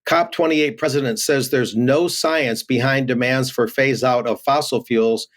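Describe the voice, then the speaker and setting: A man's voice: mid-range voice, a little slow. A man giving remote news commentary, reading headlines aloud with many fillers and restarts.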